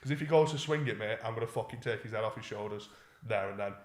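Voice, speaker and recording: A man's voice: on the low side, fast talker, reverberant. A man co-hosting a podcast, telling a rambling, sweary story in casual chat and acting out what people said. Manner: sweary, rambling, acts out quoted voices. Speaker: podcast co-host.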